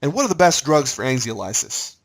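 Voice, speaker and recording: A man's voice: medium pitch, big pitch swings, a little fast, poor audio. A man giving a recorded pharmacology lecture in a conversational way, quizzing his listeners as he goes.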